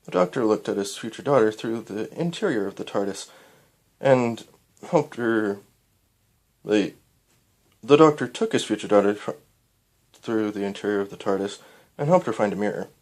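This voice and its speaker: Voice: mid-range voice, lively intonation, moderate pace, long pauses, a little mellow. A reader of fan fiction, reading a story aloud in a casual way and correcting slips as they go. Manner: stumbles and corrects themselves.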